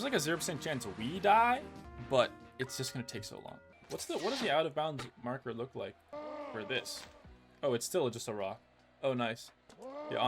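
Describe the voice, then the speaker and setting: Brief: young American man, mid-pitched, excitable gameplay commentary, game music clearly audible underneath. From United States. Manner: excitable, exasperated, says "bro" a lot. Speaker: gaming video creator.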